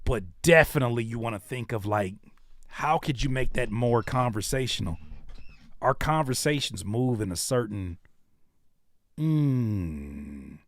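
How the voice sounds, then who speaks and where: A man's voice: mid-range voice, lively intonation, unhurried, dry recording. A man chatting casually on a live stream, giving feedback on music, rapping lines back and slipping into voice impressions. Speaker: rapper and producer reacting to viewer music.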